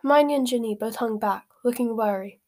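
Woman reading a novel aloud, fairly high. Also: a little fast, darkish tone. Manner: apologetic, self-deprecating slips. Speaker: amateur reader.

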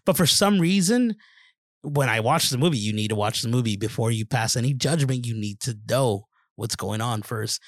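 A man's voice: mid-range voice, expressive, normal speed, no echo, clean studio sound. A man co-hosting a casual movie review podcast, rambling with many restarts and laughing often. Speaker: podcast co-host.

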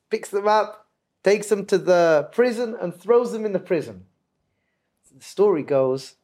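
A man, a guest, telling a religious story with lively shifts between hushed and loud. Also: fairly high pitch. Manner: animated, swings from hushed to loud. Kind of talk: animated storytelling.

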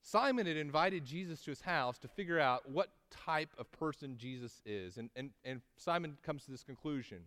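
Sermonizing male pastor, fairly high voice. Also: lively intonation, a bit bright, in a large hall. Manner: storytelling, rising in pitch and volume at dramatic moments, slowing for emphasis; conversational with tag questions and restarts.

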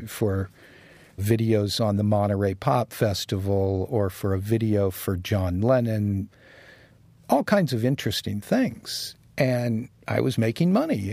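A man's voice: mid-range voice, vocal fry, darkish tone, no echo. A man being interviewed as a designer, talking casually and reflectively and chuckling as he tells anecdotes. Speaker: guest designer.

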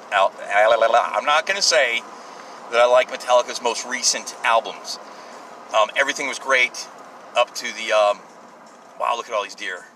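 A man's voice: mid-range voice, sharp tone. A man in his thirties hosting a podcast from his car, ranting in a profane, rambling way that keeps interrupting itself. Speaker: podcast host. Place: inside a moving car. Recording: distant car mic with road noise. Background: faint road and traffic noise.

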